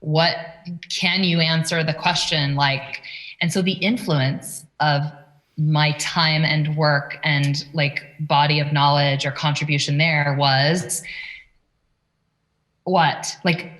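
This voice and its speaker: A woman with a notably deep voice speaks as a podcast guest and leadership coach. She talks things through thoughtfully, stacking up searching questions one after another. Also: little pitch movement, slow pace, fairly bright tone. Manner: reflective, asks probing rhetorical questions. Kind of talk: casual interview talk.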